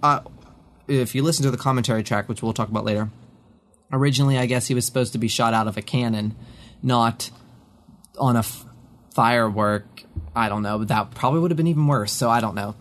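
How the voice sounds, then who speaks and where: A man's voice: quick pace, a little hiss or hum. A man co-hosting a casual podcast, joking, laughing often and swinging his voice around. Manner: jokey, laughing, lively swings in pitch. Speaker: podcast co-host. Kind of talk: casual chat.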